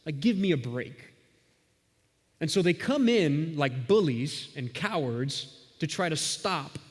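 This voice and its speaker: A male pastor delivering a sermon in a conversational, storytelling manner, in a church sanctuary. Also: on the high side. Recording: long reverb of a large hall.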